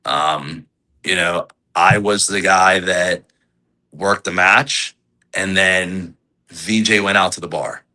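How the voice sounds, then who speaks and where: A man's voice: low-pitched, takes it slowly, poor audio. A man in his forties, a pro wrestler, talking candidly in a podcast interview, rambling with lots of fillers and restarts. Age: 40s. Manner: animated when quoting fans.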